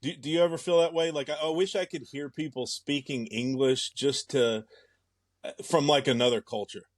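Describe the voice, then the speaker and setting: A young American man chatting on a podcast, his talk rambling and full of restarts. His voice sits at a middle pitch. It is recorded dry and close, with no room sound. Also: fairly even intonation, no room sound. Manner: rambling, halting, laughs often. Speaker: podcast co-host. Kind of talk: casual chat.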